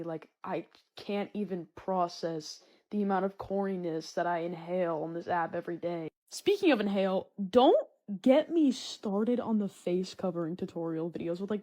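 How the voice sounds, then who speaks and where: Teenage girl, sarcastic comedy rant, dramatic outbursts, casual monologue. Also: medium pitch. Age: teens. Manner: sarcastic, dramatic bursts of loud indignation. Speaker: comedy vlogger.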